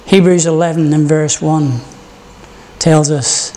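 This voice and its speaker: An earnest preacher delivering a morning sermon and opening it with prayer. The pace is slow and deliberate, at a middle pitch, with short stories woven in. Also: darkish tone, long reverb tail, slight background noise.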